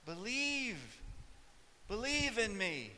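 A man's voice: high voice, sing-song, very slow, sharp tone, big-room sound, voice pushed up, heavily acted. A man voicing another man who urgently calls people to believe. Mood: urging. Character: man calling others to faith, commanding.

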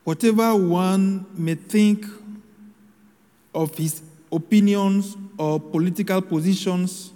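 A man preaching a sermon in a slow, measured homily delivery with solemn pauses. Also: sits high, warm tone, in a large hall.

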